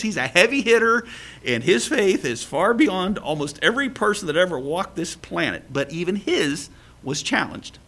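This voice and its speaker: A man preaching a sermon in a lively way, acting out scripture quotes with chuckles. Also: a little high. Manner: animated, acts out biblical quotes with laughs. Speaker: pastor.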